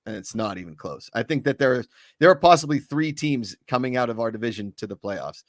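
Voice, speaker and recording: A man's voice: mid-range voice, lively intonation, fairly quick, no echo, studio quality. A man co-hosting a casual sports talk show, giving opinionated and joking predictions.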